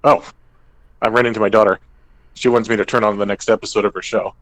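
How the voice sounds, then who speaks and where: A man's voice: lowish voice, steady tone, fast, a bit bright, no room sound, rough recording. A young man, podcast co-host and game master, casually recapping a tabletop game and briefly acting out characters' lines.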